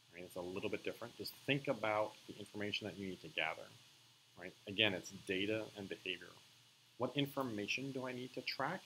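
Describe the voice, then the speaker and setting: A man teaching a coding class in a relaxed lecture, often checking with his students that they follow. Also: fairly low pitch, slight background noise, low-quality recording. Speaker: coding instructor.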